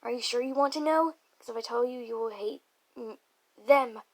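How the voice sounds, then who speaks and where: A woman's voice: fairly high pitch, a little mellow, close to an everyday voice. A woman reading as a doomed young woman confessing love. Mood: guarded. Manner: stumbling, halting reading.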